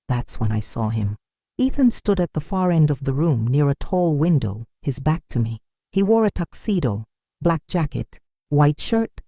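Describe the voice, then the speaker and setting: A woman narrates a first-person story at a slow, measured pace. Her tone is mellow and somber, and her pitch moves a lot. The recording is close and dry. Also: no echo.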